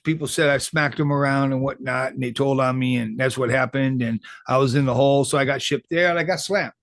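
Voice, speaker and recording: A man's voice: medium pitch, fairly even intonation, a little fast, gravelly, a bit bright, no echo, studio quality. A man who was recently paroled, giving casual, rambling commentary full of swearing and street slang. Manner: rambling, profane street talk. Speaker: formerly incarcerated commentator.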